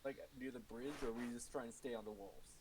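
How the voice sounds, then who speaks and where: A man's voice: mid-range voice, fast, noisy background. A man playing a tabletop game, talking through tactics in a practical way. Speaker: player. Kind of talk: casual tabletop game chat.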